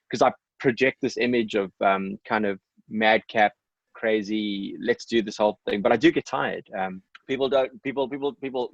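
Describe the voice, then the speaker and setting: A man's voice: on the low side, no echo. A South African man, a musician guest on a podcast, talking candidly and reflectively with many ums and restarts. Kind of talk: candid podcast interview talk. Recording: dull, dry sound.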